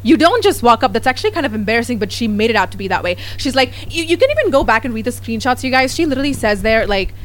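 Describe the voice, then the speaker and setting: A woman and vlogger telling gossip stories in a lively casual chat, often quoting others. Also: fairly high pitch, rapid-fire, hardly any pauses, a little hiss or hum. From United States. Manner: animated storytelling, quoting others.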